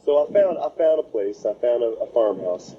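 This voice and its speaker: A man telling a story in an animated way, acting out quotes with voices and sound effects. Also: mid-range voice, a little fast. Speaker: interviewee recounting a plane crash. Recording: muffled recording with steady background noise.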